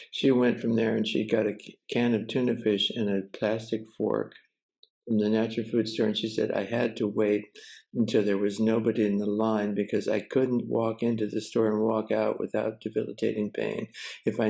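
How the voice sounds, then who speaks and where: An older man with a gravelly, mellow, low voice tells a story. He talks haltingly, with pauses and restarts, heard through a video call mic. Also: rough recording. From United States. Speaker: Zen teacher and cook. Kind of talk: casual storytelling.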